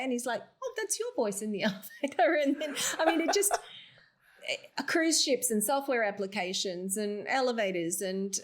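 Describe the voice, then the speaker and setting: An Australian woman, a voiceover artist, chatting as an interview guest and telling lively stories with frequent laughs. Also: medium pitch. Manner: animated storyteller, laughs often. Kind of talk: casual interview chat.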